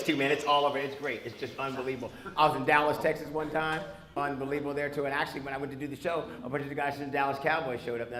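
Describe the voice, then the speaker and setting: A man's voice: on the high side, fairly bright tone, reverberant. A man doing stand-up comedy in a club, brash and profane, teasing people in the audience. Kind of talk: stand-up set with crowd work. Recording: live club with audience noise.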